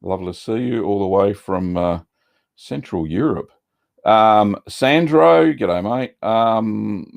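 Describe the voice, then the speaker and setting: Aussie guy hosting a chatty livestream, low gravelly voice, rambles with lots of uhs. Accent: Australian. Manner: relaxed, rambling, many ums and uhs. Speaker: cheese-making livestream host. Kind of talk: casual livestream chat.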